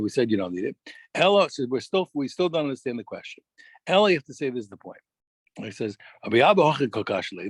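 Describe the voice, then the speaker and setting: A man teaching a daf yomi Talmud class, animated, restarting phrases and quizzing his students. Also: mid-range voice, breathy edge, dry recording.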